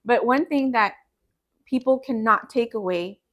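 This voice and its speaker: A woman's voice: fairly high pitch, a little slow, a bit bright. A woman talking earnestly in a casual conversation, often breaking into laughter. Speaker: guest. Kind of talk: casual chat.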